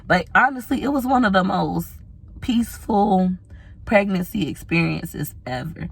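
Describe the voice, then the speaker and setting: A woman in her thirties vlogging, candidly telling a personal story to camera, tearful, with long pauses. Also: mid-range voice, expressive, gravelly, breathy edge, no echo. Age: 30s.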